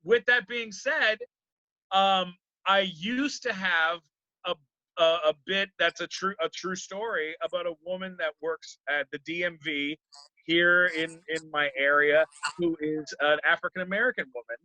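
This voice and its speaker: A man's voice: high-pitched, measured pace, bright, forceful tone, no echo, lo-fi sound. A man, a comedian, chatting casually in an interview, rambling with many fillers and restarts.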